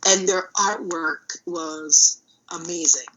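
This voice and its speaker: A woman, a middle school art teacher, telling energetic stories in a casual podcast interview. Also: on the low side, slow, lo-fi sound, background noise. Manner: energetic and loud, animated retelling. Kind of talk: casual conversational storytelling.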